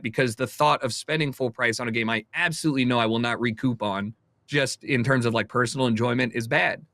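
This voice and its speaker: A man's voice: mid-range voice, a little fast, a bit bright, no echo. Candid man with a dry sound. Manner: opinionated, candid, swears casually. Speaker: streamer guest. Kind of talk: casual podcast chat.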